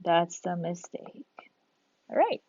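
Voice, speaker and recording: A woman's voice: on the low side, very animated, slow pace, dark tone, highs cut off. A woman teacher recording a video lesson for children, talking her students through each step with encouragement.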